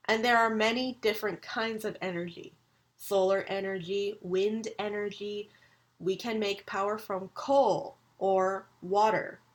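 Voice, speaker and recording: Slow, clear woman teaching English. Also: mid-range voice. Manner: slow, clear teacherly delivery with acted example sentences. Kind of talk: recorded video lecture.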